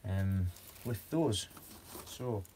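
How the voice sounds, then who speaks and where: A man's voice: lowish voice, lively intonation, drawn-out words, dark tone, slight background noise. A man chatting on a gardening live stream, rambling with lots of fillers and frequent giggles. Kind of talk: casual live stream chat.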